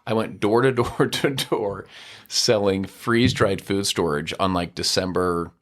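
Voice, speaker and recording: A middle-aged man as a podcast guest, telling a personal story in a casual, animated way and acting out the dialogue. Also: deep voice, a little slow.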